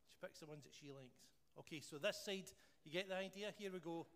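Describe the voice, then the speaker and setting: A Scottish man leads a church gathering, praying and then hosting a jokey quiz with the congregation. His voice sits a little high for a man. The sound carries a long reverb from a church hall, with a faint hiss of noise underneath. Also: brisk. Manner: playful, jokey, animated with the room. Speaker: church leader.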